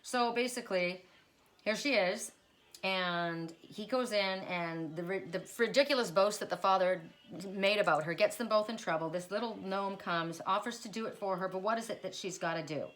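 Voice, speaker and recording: A woman's voice: mid-range voice, moderate pace, a bit bright. A woman giving a casual spoken card reading, retelling a fairy tale in a chatty way with many restarts and asides. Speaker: tarot reader.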